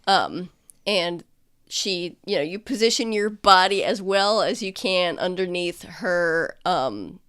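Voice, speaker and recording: A woman's voice: on the low side, takes it slowly, a bit bright, clean tone. A woman narrating as game master in a casual way, with lots of fillers.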